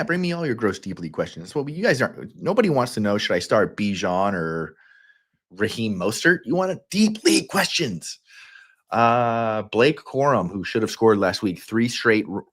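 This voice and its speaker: Playful Southern man, lowish voice. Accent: Southern American. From Kentucky. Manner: playful, rambling, quick energetic bursts. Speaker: fantasy football livestream host. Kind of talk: casual livestream talk.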